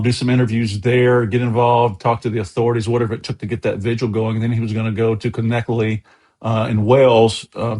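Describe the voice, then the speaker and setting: A man's voice: mid-range voice, a little mellow. An American man, a guest on an interview show, telling long enthusiastic anecdotes in a casual, chatty way. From USA.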